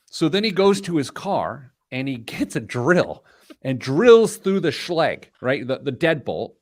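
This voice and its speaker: A man's voice: on the high side, measured pace, no room sound, clean studio sound. A man hosting a talk show, telling stories and joking in casual banter. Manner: animated joking storyteller. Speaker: host.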